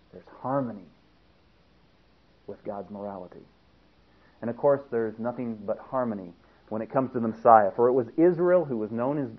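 A man delivering an emphatic radio sermon, reading passages aloud and swinging between loud stress and quiet asides. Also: mid-range voice. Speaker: preacher. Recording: tinny lo-fi radio broadcast.

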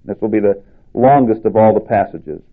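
A man preaching a sermon in an earnest, measured way, often restarting his phrases. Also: lowish voice. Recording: tinny phone-like sound.

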